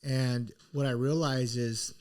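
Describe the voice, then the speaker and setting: Middle-aged man, podcast co-host, casual storytelling, earnest, reflective, mid-pitched voice. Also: steady tone, slow, a little mellow. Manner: earnest, reflective, full of restarts.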